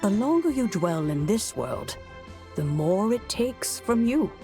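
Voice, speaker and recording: An actress voicing a calm, reflective game character who speaks of old lore. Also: female voice, medium pitch, a little slow, over loud music. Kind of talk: video game voice acting.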